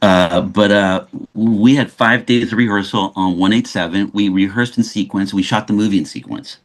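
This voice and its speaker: A man, an actor guest in a casual interview, telling animated stories and acting out the dialogue. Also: lowish voice, normal speed, a little hiss or hum. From Los Angeles. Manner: animated storyteller who acts out quoted dialogue.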